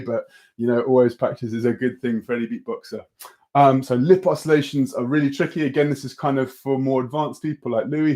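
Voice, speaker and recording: A young man teaching an online beatbox workshop, easygoing and encouraging, with lots of ums and restarts as he explains. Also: medium pitch. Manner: relaxed, encouraging, full of fillers and restarts.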